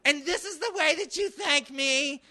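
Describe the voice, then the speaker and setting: A shrill, exasperated mother scolds her child and lays on the guilt, as a preacher puts her on. Her voice leaps far above his own and rings out loud and bright. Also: a little slow, exaggerated voice.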